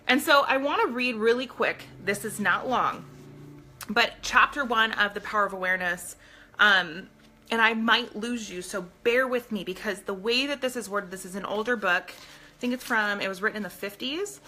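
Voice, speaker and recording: Bright-voiced woman hosting a live stream. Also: a little high. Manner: earnest, addresses viewers directly. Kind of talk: casual live stream talk and reading aloud.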